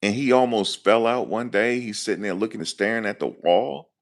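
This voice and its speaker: A man's voice: lowish voice, brisk. A man hosting a live stream, chatting casually and jokingly. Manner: loose, joking, talks back to chat. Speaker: livestream host. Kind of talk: casual commentary to live chat.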